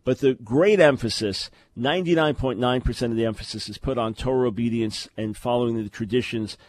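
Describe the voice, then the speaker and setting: A man's voice: medium pitch, fairly quick, a little mellow, no room sound. Guy hosting call-in radio, lecturing w sarcastic asides, dead dry studio sound. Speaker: radio talk show host.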